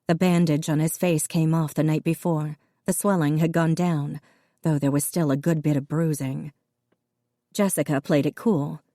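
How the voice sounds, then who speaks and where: A woman narrating an audiobook in a steady storytelling voice, switching into voices for the characters. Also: low voice, moderate pace, no echo, clean studio sound.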